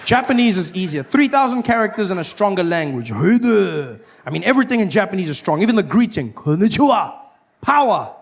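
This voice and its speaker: A male comedian doing stand-up before a live audience, animated and often breaking into put-on voices. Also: high-pitched, quick pace, few pauses.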